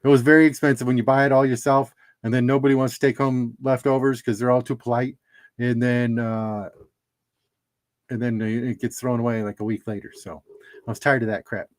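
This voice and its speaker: A man's voice: mid-range voice, little pitch movement, fairly quick. A middle-aged man hosting a casual livestream, chatting and laughing at his own jokes while opening trading cards.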